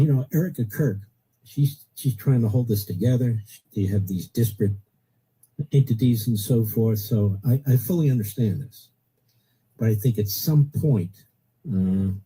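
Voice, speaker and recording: A man's voice: on the low side, dark tone, breathy edge, low-quality recording. Blunt opinionated talk radio man. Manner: blunt, opinionated, emphatic repetition. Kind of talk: political talk radio monologue.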